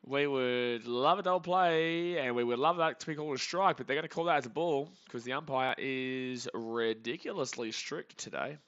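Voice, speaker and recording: A young Australian man hosting a live baseball reaction stream, joking with chat and calling pitches, swinging from muttering to shouting. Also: normal speed, few pauses, clear, resonant tone, lo-fi sound. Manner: excitable, jokey, swings between muttering and shouting.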